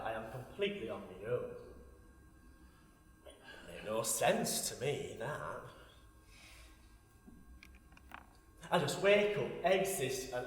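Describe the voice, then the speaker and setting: A man's voice: on the high side, fairly bright tone. An actor playing a lonely, foul-mouthed old woman from Sheffield in a stage monologue, blunt and darkly wry, swearing freely. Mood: lonely bitter. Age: older. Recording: echoey hall recorded from a distance.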